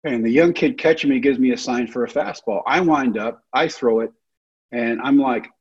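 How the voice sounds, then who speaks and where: Man telling a story, husky. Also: mid-range voice, moderate pace, lo-fi sound. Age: 30s. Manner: animated storyteller who acts out the other people's lines. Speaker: speaker telling his life story. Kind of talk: storytelling talk.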